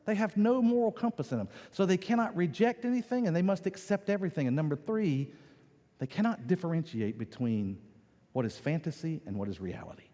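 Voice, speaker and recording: A man preaching a sermon as pastor, animated and playful, acting out quoted voices. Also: a little high, brisk. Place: church sanctuary. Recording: long church hall reverb.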